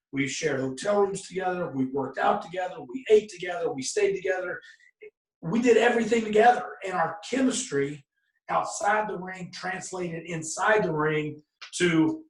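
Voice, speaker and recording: A middle-aged man, a former wrestler, telling lively stories as a guest, acting out other people's lines and breaking into loud outbursts. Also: high-pitched. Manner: animated, acts out quoted voices, bursts into loud exclamations. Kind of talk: casual anecdotal storytelling. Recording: roomy, distant from the mic.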